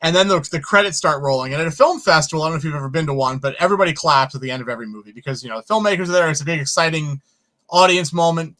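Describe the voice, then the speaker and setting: A man who is a filmmaker guest, telling stories in an interview in an animated way and swearing casually. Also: on the high side, very fast. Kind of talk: storytelling in an interview.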